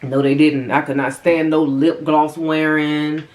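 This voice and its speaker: A woman's voice: low-pitched, little pitch movement, unhurried, a little mellow, echoey room. A woman vlogger chatting casually to viewers while eating, calling them y'all, her voice swinging up and down. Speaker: mukbang vlogger.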